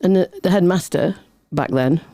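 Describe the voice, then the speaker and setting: A middle-aged woman talks freely as a guest, piling one story onto the next in a chatty, rambling way. Her voice is mellow and dark rather than bright. The recording is dry and close, with no room echo. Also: on the low side, normal speed. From Britain. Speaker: podcast guest. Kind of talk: casual interview chat.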